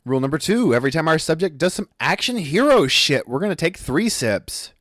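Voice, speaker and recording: A man's voice: on the high side, very animated, brisk, fairly bright tone, no echo. A man co-hosting a podcast in casual chat, rambling and correcting himself as he goes. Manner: rambling, self-correcting, stumbles over words. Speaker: podcast co-host.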